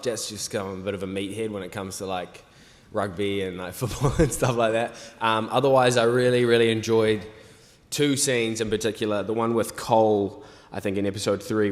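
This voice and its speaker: A young man, an actor guest, answering fan questions on a convention panel in a relaxed, rambling way full of fillers. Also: fairly low pitch, normal speed. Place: large convention hall stage. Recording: reverberant convention hall.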